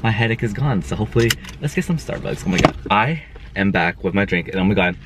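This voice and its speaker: Excitable young man vlogging. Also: lowish voice, quick pace, heavy background noise. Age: young adult. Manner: excitable, gushing, lots of "oh my God". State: nervous. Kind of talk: casual vlog talk to camera.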